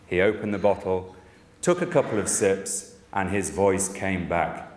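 A man's voice: sits low, animated, unhurried, slight background noise. A man giving a conference talk about a cancer support service, opening with a humorous story, then reflecting with frequent fillers. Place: conference hall. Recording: echoey conference hall.

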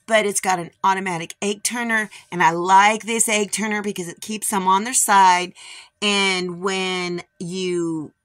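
This is a middle-aged woman vlogging from her homestead, her voice a little hoarse. She chats casually, meandering with plenty of ums. Her tone is bright and forward. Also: mid-range voice, fairly even intonation, a little slow. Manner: chatty, rambling with many fillers. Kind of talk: casual chat.

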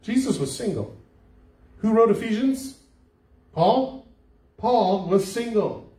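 An older man delivers a sermon in a warm, mellow voice that sits a little high. He keeps it conversational and keeps turning questions back to the congregation. The sound is roomy and distant, as if picked up from well back in a church hall. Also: expressive, slow pace. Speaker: pastor. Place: church sanctuary. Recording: echoey church hall, mic from far off.

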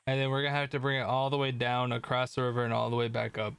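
A man's voice: medium pitch, completely flat delivery, quick pace, gravelly, a bit bright, clear, resonant tone, no echo. Rambling, swearing male game streamer. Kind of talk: casual gameplay commentary.

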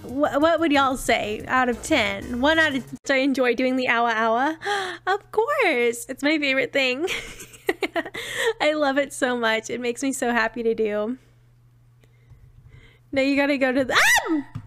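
A woman's voice: high voice, unhurried, a bit bright, faint music behind. A young woman live streamer chatting with her viewers in a bubbly, giggly way. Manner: giggly, bubbly, talks to chat. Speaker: live streamer, virtual avatar.

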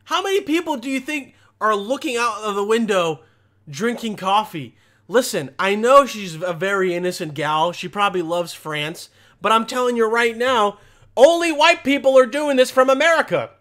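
A man's voice: high voice, animated, normal speed, a bit bright. A young man hosting comedic reaction commentary, rambling crudely in a mock-outraged way. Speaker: commentary host.

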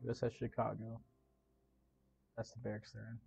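A man's voice: lowish voice, monotone, normal speed, vocal fry, a little mellow, faint music behind. A man casually chatting in a reaction vlog, emotional and full of fillers. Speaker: YouTuber reacting to a Navy boot camp video.

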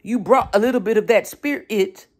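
This is a motivational talk delivered in a mid-range voice at normal speed. The speaker is emphatic and preachy, mixing in casual slang.

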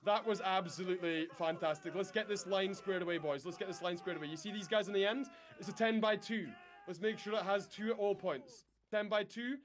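A man's voice: high-pitched, brisk, slight background noise. A man in game voice chat, leading his squad with bossy drill-sergeant orders. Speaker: player leading a unit in voice chat.

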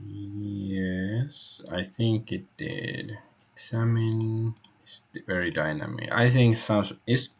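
A man's voice: lowish voice, slow. A man streaming an old adventure game, musing aloud in hesitant, rambling casual commentary.

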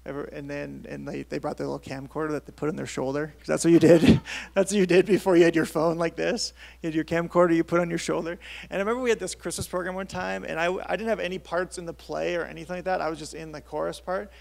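A man in his thirties preaches to his congregation in a light, somewhat high tenor with a gravelly edge. His delivery is casual and conversational, full of restarts as he works through his points. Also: level tone, fast, few pauses, darkish tone. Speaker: pastor. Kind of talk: sermon. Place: church service.

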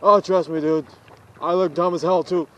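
A high-pitched teenage boy vlogging on a walk outside. He jokes around and talks straight to his viewers in a loose, chatty way. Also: steady tone, normal speed, a bit bright, slight background noise, low-quality recording. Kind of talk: casual walking vlog. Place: outdoors on a road.

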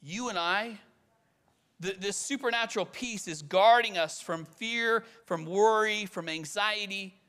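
Guy preaching, high bright voice, talks to you like a friend, slows way down on the big lines. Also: clear, resonant tone. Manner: earnest and conversational, with rhetorical questions and voiced examples; slows and leans on key phrases. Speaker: pastor. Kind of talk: sermon.

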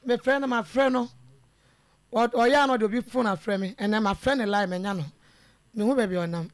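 A caller with a Ghanaian accent tells her story to a radio host in a halting, hesitant way, often breaking off and restarting. The voice sits mid-range in pitch. The sound is dry and close. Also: dry recording. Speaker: caller telling a family dispute.

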